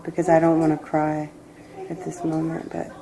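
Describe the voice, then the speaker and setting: A woman giving a personal tarot reading, reflective and emotional, rambling with pauses. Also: sits low, completely flat delivery, gravelly, a crowd in the background, low-quality recording. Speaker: tarot reader.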